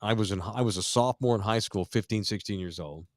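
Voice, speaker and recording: A man's voice: on the low side, fast, no room sound, studio quality. A man in his forties from Texas, hosting a podcast and telling a family story in casual, profane chat. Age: 40s. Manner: profane, animated storyteller, shouts quoted lines. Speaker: podcast host.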